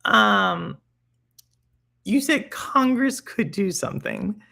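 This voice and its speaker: Gravelly, animated podcast host. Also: mid-range voice, slow pace. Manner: animated, thinks aloud with restarts. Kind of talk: casual gaming podcast chat.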